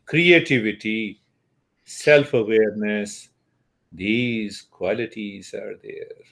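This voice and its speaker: A man teaching meditation slowly and calmly, with long pauses and Sanskrit terms. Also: medium pitch. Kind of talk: spiritual teaching talk.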